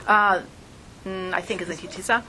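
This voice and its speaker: A woman teaching an informal class who talks in a lively way and acts out voices when she quotes people. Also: fairly low pitch, moderate pace, a little hiss or hum, poor audio.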